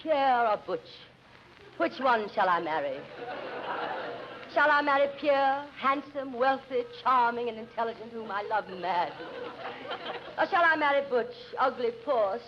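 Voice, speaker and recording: A woman's voice: a little high, lively intonation, unhurried, long pauses, lo-fi sound, a crowd in the background. A woman doing a swooning soap heroine. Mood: melodramatic. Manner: overwrought soap-opera sighing. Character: silly melodramatic young heroine. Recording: scratchy 1940s radio, studio audience.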